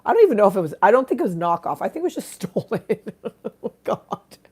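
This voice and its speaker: A woman's voice: medium pitch, sing-song, fast, darkish tone, breathy edge. A woman chatting casually on a live stream, irreverent and self-mocking, swearing freely while she eats and drinks.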